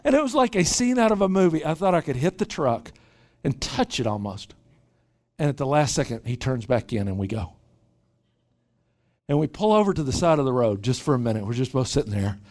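A man preaching at a retreat, telling a lively story and often repeating words as he starts sentences. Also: medium pitch, fairly quick. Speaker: pastor. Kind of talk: sermon with storytelling.

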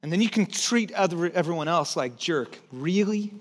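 A pastor with a notably high voice delivers a sermon to his church. He talks candidly and pokes fun at himself, loose and full of filler words. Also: expressive, moderate pace. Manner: candid, self-deprecating storytelling with many fillers.

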